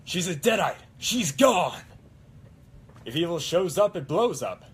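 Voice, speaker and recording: A man's voice: a little high, very animated, unhurried, a little hiss or hum, pitched above the performer's own voice. A man doing Ash, a cocky demon hunter. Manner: brash, swaggering one-liners. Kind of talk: on-demand character impression.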